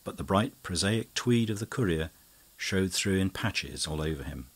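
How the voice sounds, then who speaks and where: A man narrating an audiobook in a measured, even storytelling manner. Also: deep voice, slightly rough. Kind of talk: scripted narration.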